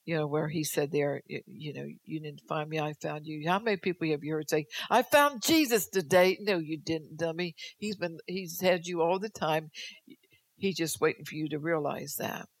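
A woman's voice: low voice, steady tone, normal speed, no room sound. An older woman preaching at a church service, exhorting the congregation, speaking prophetic words in the first person and adding folksy teasing asides. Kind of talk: sermon.

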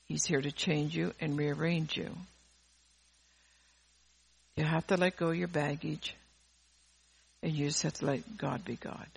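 A woman's voice: low-pitched, little pitch movement, a little slow, gravelly, pauses often, breathy edge. A woman preacher delivering a fervent sermon, repeating words and phrases for emphasis.

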